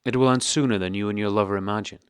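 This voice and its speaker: A man voicing a squeaky, furious cold husband. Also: fairly even intonation, very fast, smooth, no echo, studio quality, lightly acted. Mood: angry. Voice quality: squeaky, higher than usual. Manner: angry, clipped, coldly emphatic. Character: stiff, cold middle-aged husband, furious. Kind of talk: audiobook character reading.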